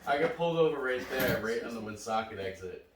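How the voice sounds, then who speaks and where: A man's voice: mid-range voice, lively intonation, quick pace, noisy background. A man from Rhode Island co-hosting a podcast, telling rambling anecdotes with some swearing in casual chat. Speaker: podcast co-host. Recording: roomy, distant mic.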